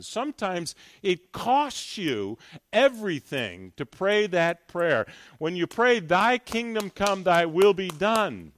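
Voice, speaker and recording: An older man preaching with fervour, his fairly high voice leaping up and down in pitch. He shifts from loud calls to hushed storytelling. The recording is dry and close, with little room sound. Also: dry recording. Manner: fervent, swings from loud exhortation to quiet storytelling. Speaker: guest speaker. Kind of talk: sermon with personal testimony.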